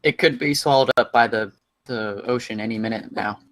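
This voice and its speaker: A man's voice: fairly low pitch, a little fast, a bit bright, no echo. A man playing a tabletop game, joking around in casual, playful banter. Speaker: player.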